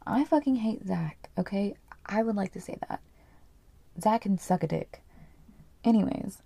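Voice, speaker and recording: A woman's voice: medium pitch, expressive, unhurried, creaky, pauses often, warm tone, slightly rough, no echo. A woman reading story submissions aloud and reacting with crude, sarcastic remarks.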